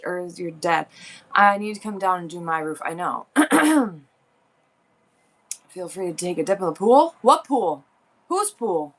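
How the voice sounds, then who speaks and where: A woman chatting casually on her seller livestream, rambling, laughing often and answering viewers' comments. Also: mid-range voice.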